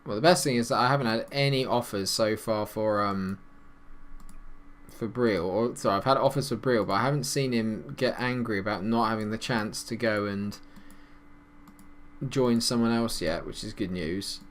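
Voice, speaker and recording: A man giving casual, chatty commentary over a football management game, calling plays and getting excited at goals. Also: lowish voice, moderate pace. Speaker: gaming YouTuber.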